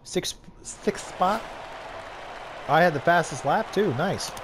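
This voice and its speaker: A man's voice: sits high, lively intonation, takes it slowly, a crowd in the background, background noise. Hyped gaming commentator man. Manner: hyped, self-mocking banter. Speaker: gaming YouTuber. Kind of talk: casual gameplay commentary.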